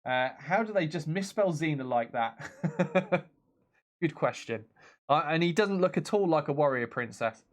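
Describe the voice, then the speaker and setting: A man's voice: a little high, lively intonation, a little slow. A man streaming a strategy game, chatting casually, laughing often and reading viewer messages and game text aloud. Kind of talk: casual let's-play commentary.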